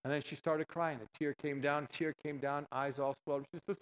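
A man's voice: a little high, steady tone, brisk, poor audio. A man preaching a sermon, telling a story and acting out both sides of the dialogue with animation.

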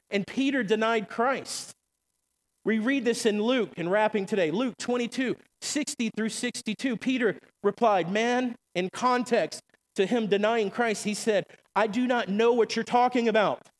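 A man's voice: very high voice, big-room sound, rough recording. A man preaching a sermon as pastor, fervent, repeating "come on" and throwing questions to the congregation.

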